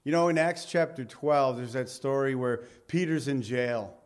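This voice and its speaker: A man teaches the Bible verse by verse at a moderate pace, reading scripture aloud and then restating it in lively, conversational everyday speech. His manner is animated, and he often lets his voice drop low and quiet to wrap up a point.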